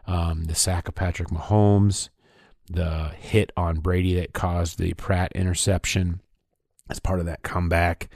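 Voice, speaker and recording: A male podcast host talks in eager, chatty casual conversation. His voice is deep. The sound is dry and close, with no room around it. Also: level tone, a little slow, creaky, darkish tone, dry recording.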